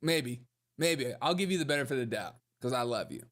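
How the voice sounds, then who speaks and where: A man's voice: mid-range voice, animated, fairly quick, a bit bright. A young man hosting a commentary show, reacting to clips in a mocking way, laughing often and talking to his chat.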